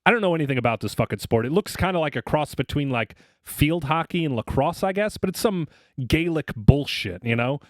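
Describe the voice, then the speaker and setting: A man's voice: fairly high pitch, expressive, fairly quick, dry recording, studio quality. A man co-hosting a podcast, ranting crudely with exaggerated mock anger. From Boston area, US. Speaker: podcast co-host. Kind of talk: profane comedic rant.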